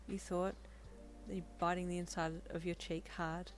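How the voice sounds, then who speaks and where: A woman reading fan fiction aloud, narrating a second-person story in a soft, calm way. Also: lowish voice, moderate pace, slight background noise.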